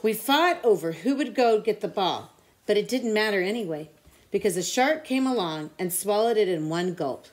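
A woman tutor reading a children's picture book aloud with expressive storytelling. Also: mid-range voice, moderate pace.

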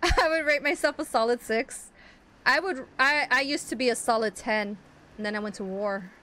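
Bright, playful woman streamer. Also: a little high. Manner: playful, self-mocking, quick to laugh and exclaim. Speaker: gaming streamer. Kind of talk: casual let's play commentary.

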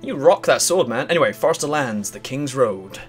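A young man chatting excitably and swearing casually while playing through a video game. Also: mid-range voice, moderate pace, faint music behind. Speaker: gaming video host. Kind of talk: let's play commentary.

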